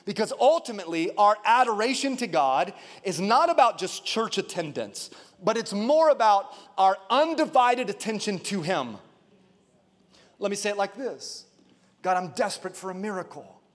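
A male pastor preaching a lively sermon, calling on the congregation for responses. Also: sits high, moderate pace. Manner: animated preaching with call-and-response. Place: church sanctuary. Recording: long church hall reverb.

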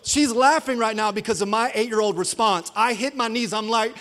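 High, bright-voiced storytelling pastor. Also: male voice, fairly quick, hardly any pauses. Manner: animated, acts out quotes with shouts and laughter. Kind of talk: storytelling sermon. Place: church sanctuary. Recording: long church hall reverb.

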